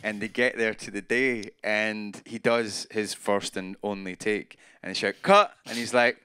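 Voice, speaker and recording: A man's voice: on the low side, level tone, unhurried, sharp tone, clear, resonant tone, no echo, studio quality. A man, a guest actor, telling rambling, self-deprecating stories in casual interview chat with plenty of fillers. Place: live event after a film screening.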